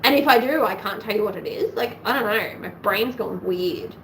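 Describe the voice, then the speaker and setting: A woman's voice: mid-range voice, moderate pace, fairly bright tone, a little hiss or hum, poor audio. An Australian woman hosting a sewing livestream, chatting casually and rambling as she thinks aloud at home.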